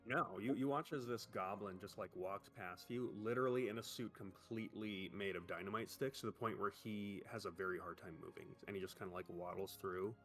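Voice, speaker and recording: A man's voice: lowish voice, fairly quick, few pauses, music in the background. A man acting as game master, narrating a tabletop game in a rambling, loose way full of fillers.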